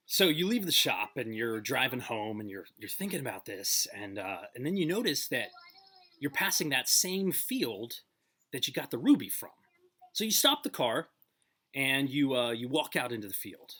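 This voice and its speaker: A man's voice: medium pitch, big pitch swings, normal speed, sharp tone, husky. A man telling a story in a casual, conversational way, with many fillers and restarts.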